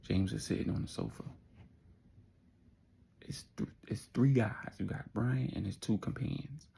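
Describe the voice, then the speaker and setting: A man's voice: lowish voice, unhurried, vocal fry, mellow, husky. A man telling a story in a casual, slangy, laid-back way, adding his own sound effects.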